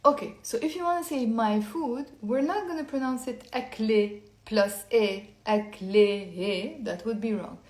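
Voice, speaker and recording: A woman giving a casual online language lesson, talking low-key and quiet late at night, explaining step by step and having listeners repeat words aloud. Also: normal speed. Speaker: Lebanese Arabic teacher. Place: indoor room at night. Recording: echoey room.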